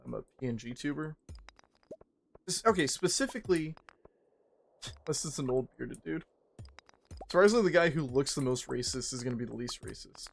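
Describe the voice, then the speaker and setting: A man's voice: mid-range voice, animated, normal speed, gravelly, long pauses, faint music behind. A man chatting casually on a livestream, swearing a lot and rambling in a joking way. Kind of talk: casual stream chat.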